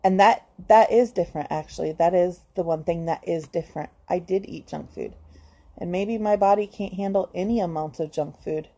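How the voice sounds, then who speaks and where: A woman's voice: lowish voice, normal speed, warm tone, slightly rough. A woman talking to camera in a personal confessional vlog, hesitant and earnest, with frequent ums and restarts as she encourages herself. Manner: hesitant, many ums and restarts, talks straight to the viewer. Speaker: vlogger.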